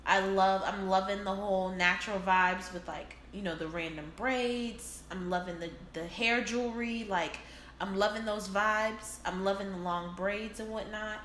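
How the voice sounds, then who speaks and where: A woman's voice: mid-range voice, fairly even intonation, normal speed, a bit bright. A woman chatting casually and giving friendly advice, laughing often. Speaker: co-host. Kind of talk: casual chat. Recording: echoey room with faint noise.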